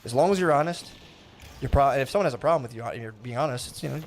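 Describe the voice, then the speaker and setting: A man's voice: mid-range voice, rapid-fire. Podcast guy chatting, swears a lot, acts out little quotes, faint hiss behind him. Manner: loose, profane storytelling with acted quotes. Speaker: podcast co-host. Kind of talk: casual chat.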